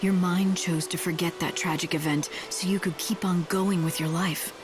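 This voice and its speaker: An actress playing a calm, earnest young game heroine who speaks in a measured, soft way. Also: female voice, lowish voice, noisy background, lightly acted. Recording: game audio over clear music.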